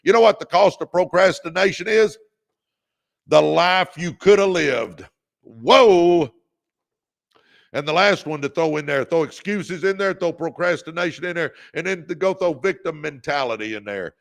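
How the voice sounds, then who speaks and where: Guy hyping up his livestream crowd, gravelly voice, pumped up like a preacher. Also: on the high side, moderate pace. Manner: revved-up preacher-like exhortation, calls out viewers by name. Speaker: podcast host. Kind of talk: motivational livestream talk.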